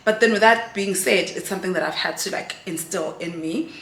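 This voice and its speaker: A woman's voice: lowish voice, fairly quick, a bit bright. A South African woman in her thirties, from Durban, talking candidly and rambling a little in a personal vlog. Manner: rambling, candid, self-digressing. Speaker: vlogger. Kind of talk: candid confessional vlog chat. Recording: echoey room, faint noise.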